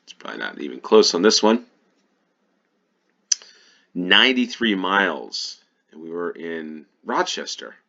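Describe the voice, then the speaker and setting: A man's voice: deep voice, big pitch swings, measured pace, gravelly, long pauses, pushed and bright, lo-fi sound. A man from New York with a Western New York accent, thinking aloud while playing a geography guessing game, hesitant and full of ums. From New York, USA. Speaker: GeoGuessr channel host. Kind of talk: casual gameplay commentary.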